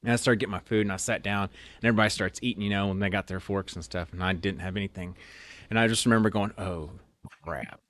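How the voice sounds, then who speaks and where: Low-voiced young man telling an army story. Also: fairly even intonation, rapid-fire, a bit bright. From Oklahoma, USA. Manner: rambling, full of "like" and restarts. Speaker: interview guest, officer candidate. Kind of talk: casual storytelling.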